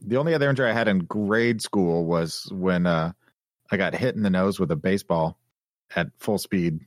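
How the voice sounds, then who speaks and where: A man's voice: low-pitched, normal speed, no echo. A man co-hosting a podcast, chatting casually and telling a childhood story with dry one-liners. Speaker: podcast co-host. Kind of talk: casual chat.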